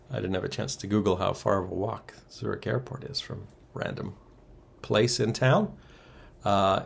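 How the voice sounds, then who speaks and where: A man with a gravelly, slightly husky voice talks through a casual recap. His pitch rises and falls a lot as he drops wry asides and chuckles between the ums. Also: a bit bright. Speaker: podcast co-host recapping a soap opera.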